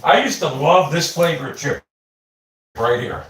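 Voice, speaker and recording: A man's voice: fairly high pitch, unhurried, echoey room, a little hiss or hum. A man chatting casually on a livestream from his home kitchen into a phone, rambling and swearing as he snacks. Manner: rambling, profane, easily excited.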